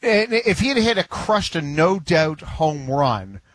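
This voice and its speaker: Joking sports radio co-host guy, kinda husky, a bit high. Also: very animated, unhurried, a bit bright, dry recording. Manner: chatty, joking, with laughs. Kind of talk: casual sports talk.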